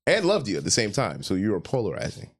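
Man, joking podcast co-host, casual banter, lowish voice, animated inflection. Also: quick pace, husky.

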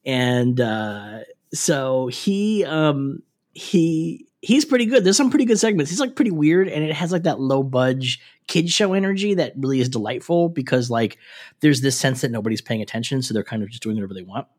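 A man's voice: mid-range voice, animated, moderate pace, a little mellow. A man in his thirties chatting casually and sardonically, with fillers and restarts. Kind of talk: casual chat.

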